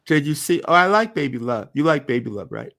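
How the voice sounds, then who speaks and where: A man's voice: a little high, big pitch swings, brisk, a bit bright. Hesitant, placating man hosting a livestream. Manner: hesitant, restarts often, placating. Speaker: livestream host. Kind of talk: casual livestream chat.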